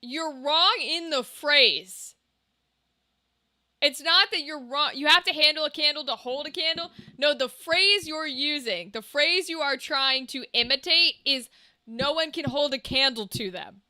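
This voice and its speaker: A woman's voice: high voice, unhurried, bright, forceful tone, dry recording, clean studio sound. A young woman game streamer chatting casually with viewers, brash and teasing, swearing freely and laughing often into a desk microphone.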